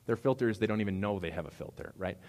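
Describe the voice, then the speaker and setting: Conversational pastor in a reverberant hall. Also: male voice, fairly low pitch, fast talker. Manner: conversational, animated, with playful asides. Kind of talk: sermon.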